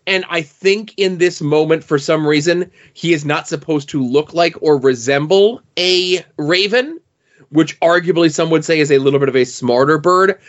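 A man's voice: fairly high pitch, moderate pace. Hesitant man analyzing comic art, lo-fi. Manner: thoughtful, hesitant, many fillers. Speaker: podcast co-host. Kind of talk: casual comic book analysis. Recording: dull lo-fi podcast audio.

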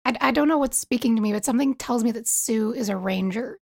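Woman, 20s, East Coast; podcast guest, playful, slightly high. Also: quick pace, darkish tone. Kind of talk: casual group chat.

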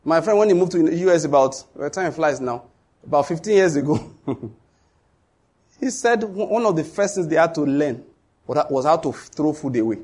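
A middle-aged man, preaching a sermon in an animated storytelling way. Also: on the high side, moderate pace. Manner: storytelling, animated, with sudden loud acted outbursts. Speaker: pastor.

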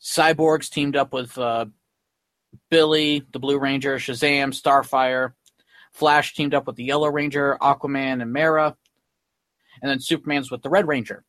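A man's voice: medium pitch, fairly even intonation, moderate pace, a bit bright, no room sound. Man rambling through a casual recap. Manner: rambling, filler-heavy retelling with many "like" and "um". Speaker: podcast host. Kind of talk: casual chat recapping a comic.

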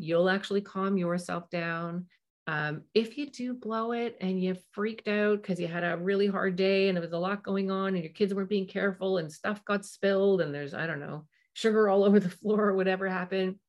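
A woman's voice: lowish voice, highs cut off. A middle-aged woman hosting a parenting podcast, talking through advice in a chatty way, with asides and little acted-out quotes. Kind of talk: casual advice talk.

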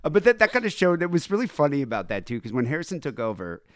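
A man's voice: on the high side, very animated, very fast, dry recording, studio quality. A man hosting a podcast, chatting casually in a rambling, laughing, profane way. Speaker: podcast host.

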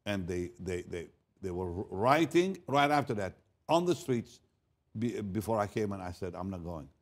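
An older man, a pastor, telling a story in a sermon, swinging from hushed asides to loud emphatic lines and often repeating words as he goes. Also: fairly low pitch, expressive, moderate pace.

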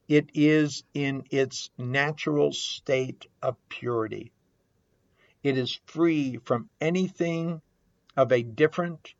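Slow, earnest older man, dry and dull. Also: medium pitch, a bit bright, no echo. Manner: slow, earnest, repeats words and definitions. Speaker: podcast host. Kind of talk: reflective recovery talk.

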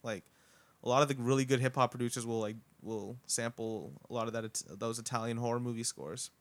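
Laid-back young man with a smooth voice. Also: mid-range voice, fairly even intonation, a little fast, dry recording. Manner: laid-back, lots of fillers and swearing. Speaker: podcast host. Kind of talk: casual chat.

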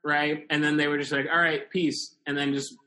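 A man hosting a podcast in casual chat, reacting with short quips and musing in a lower, relaxed tone. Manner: laid-back listener, quick short reactions, drops low when musing.

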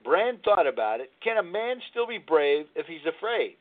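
A man's voice: fairly high pitch, very animated, normal speed. A man in his sixties hosting a live radio talk show, telling candid personal stories in a rambling way with frequent restarts. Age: 60s. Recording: tinny phone-line sound.

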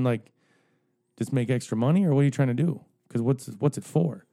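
A man's voice: medium pitch, fairly quick, mellow. A middle-aged man telling stories in casual chat among friends, swearing freely, rambling, and laughing at his own jokes.

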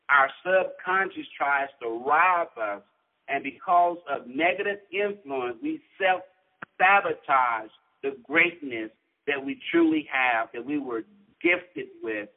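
A man with a fairly high voice speaks earnestly over a tinny phone line. He builds his points in a rising, preacher-like rhythm, like a motivational speaker. He is a guest telling his own story. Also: big pitch swings, slow. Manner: earnest and inspirational, preacher-like cadence. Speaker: author and guest.

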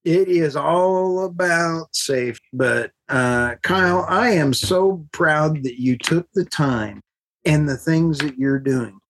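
A podcast host, a woman, talking in an excitable, rambling way and getting worked up. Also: low voice, takes it slowly, breathy edge. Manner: excitable, rambling, laughs often. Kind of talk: casual podcast chat.

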